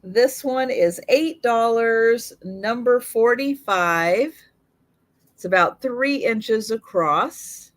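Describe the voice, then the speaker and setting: Woman slowly reading off prices at a home live sale, voice a little worn, kinda high pitched. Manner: slow, item-by-item pricing with fillers. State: slightly losing her voice.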